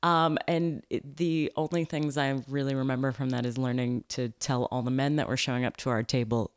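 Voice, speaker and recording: A woman with a notably low voice hosts a casual chat, bubbly and given to giggles. She tells her anecdotes with warmth and easy laughter. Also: steady tone, fairly quick, clean tone. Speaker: podcast host.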